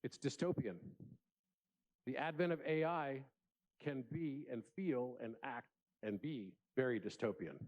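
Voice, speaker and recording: A man's voice: medium pitch, unhurried, a little mellow. Man delivering an earnest inspirational talk in a big hall; mid-range voice, muffled lo-fi sound. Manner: earnest, storytelling with acted voices. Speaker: conference speaker. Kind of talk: inspirational keynote speech. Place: large conference room.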